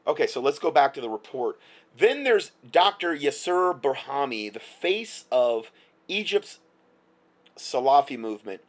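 Man, opinion commentary, heated rant, sarcastic, lively swinging pitch, repeated restarts. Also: a little slow.

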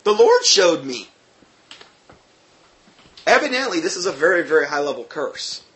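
A man telling a personal testimony story in an animated, emphatic way, often restarting his sentences. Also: on the high side, normal speed.

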